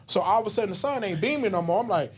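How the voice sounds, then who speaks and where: A man's voice: sits high, expressive, racing, breathy edge. A man, telling a story in casual, slangy talk and acting out voices and whispers. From Southern US. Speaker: podcast guest.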